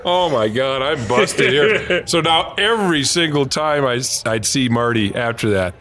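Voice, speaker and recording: Chatty older-sounding sportswriter telling stories. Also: male voice, mid-range voice, lively intonation, measured pace, a bit bright. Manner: rambling anecdotes with laughs and quoted voices. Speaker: former sportswriter. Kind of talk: casual storytelling chat.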